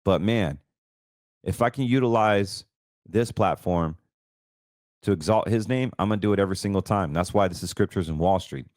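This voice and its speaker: A man's voice: low-pitched, moderate pace, darkish tone, dry recording, clean studio sound. A middle-aged man from North Carolina with a Southern American accent, hosting a casual monologue and ranting bluntly about his critics. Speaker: host.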